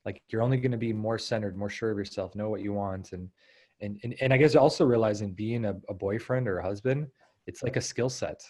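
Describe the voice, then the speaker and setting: A man in his thirties, a guest coach in a casual interview, explaining ideas and acting out inner thoughts in lively asides. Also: on the low side, fairly quick. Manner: animated, acts out inner voices.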